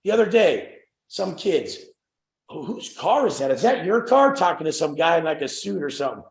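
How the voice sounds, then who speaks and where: Running a group coaching call meant to motivate, this young man is brash and profane, imitating the voices of people he talks about. He speaks at a normal speed in a slightly high, sing-song voice with vocal fry, and the sound echoes as if in a large room.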